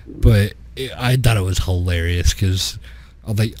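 Low-voiced man telling a rambling story. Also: a little slow, a little mellow, no room sound. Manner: rambling, laughs often while telling a story. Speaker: podcast host. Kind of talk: casual storytelling chat.

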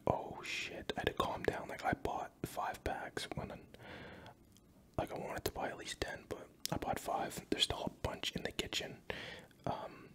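A man with a Canadian accent whispering a casual, jokey ASMR mukbang intro into a close microphone, rambling with ums. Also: sharp tone.

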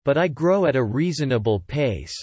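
A man's voice: medium pitch, sing-song, normal speed, darkish tone, slightly rough, no room sound. A man voicing a sulky, prim little male dormouse in a storybook reading. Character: huffy small male dormouse.

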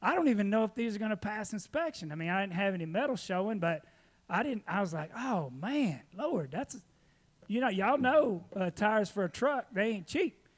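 A man preaching in a church, his voice sitting high for a man. He spins folksy stories with a laugh. Then he moves on to plain church announcements. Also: normal speed. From Texas. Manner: folksy storytelling, animated, laughing often. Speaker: pastor.

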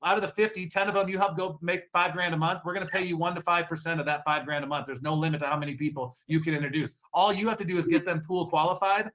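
A man giving an upbeat sales pitch to an audience, asking rhetorical questions. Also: steady tone, quick pace, hardly any pauses, fairly bright tone. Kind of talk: sales presentation.

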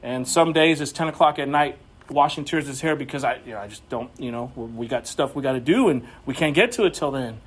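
A man's voice: mid-range voice, fairly quick, few pauses, slightly rough. A man preaching a sermon in church, telling stories conversationally, often repeating words and rising to emphatic peaks. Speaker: pastor.

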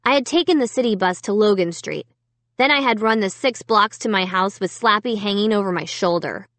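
A woman narrating a children's horror story in the first person with a dramatic, expressive reading. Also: mid-range voice, brisk, no echo. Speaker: audiobook narrator.

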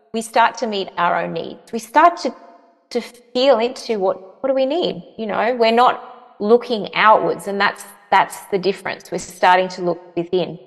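A woman's voice: medium pitch, normal speed. A woman guest answering interview questions earnestly, often repeating phrases for emphasis. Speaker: parenting guest. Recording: long reverberant echo.

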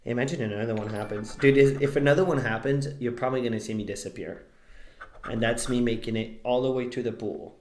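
A man live-streaming scratch-off tickets, talking excitedly to his chat and yelling at big wins. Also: medium pitch, a little fast, slight background noise. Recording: echoey room.

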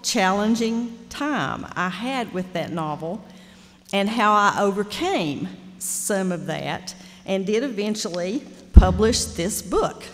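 A middle-aged woman, telling a candid, animated story while teaching a fiction master class. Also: medium pitch. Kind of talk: storytelling lecture. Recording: reverberant lecture hall.

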